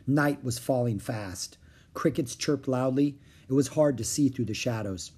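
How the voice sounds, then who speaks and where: Husky-voiced man reading a storybook. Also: medium pitch, a little slow. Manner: expressive storytelling. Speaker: storybook reader. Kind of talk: children's book read aloud.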